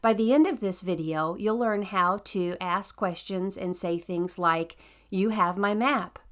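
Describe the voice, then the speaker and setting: A woman's voice: medium pitch, a little slow. A woman narrating a scripted language lesson in an upbeat, encouraging way. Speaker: language teacher.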